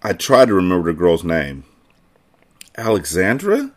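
A man, host of a podcast, reading a children's novel aloud with casual, expressive delivery. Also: on the low side, moderate pace. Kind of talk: book reading narration.

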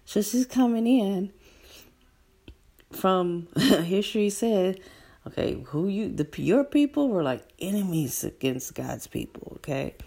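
A woman preaching a sermon in a conversational, animated way, asking rhetorical questions and dropping to a soft whisper for emphasis. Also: mid-range voice, takes it slowly, creaky.

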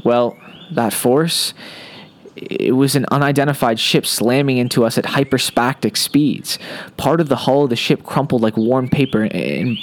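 A man's voice: mid-range voice, moderate pace, close to an everyday voice. A man voicing a frantic, stammering woman who works as a starship's lead engineer, in a reading of his own story. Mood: grave. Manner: flustered, stammering, exasperated.

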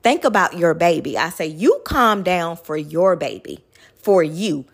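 A young woman telling a personal story in casual chat, lively and swearing freely. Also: fairly low pitch, unhurried, vocal fry, slightly rough. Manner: animated, addresses listeners as y'all, swears freely.

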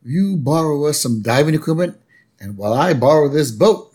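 A man putting on a rambling old grandfather, a boastful former sergeant with a gruff, long-winded manner. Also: a little high, animated, normal speed, a little mellow, lightly acted.

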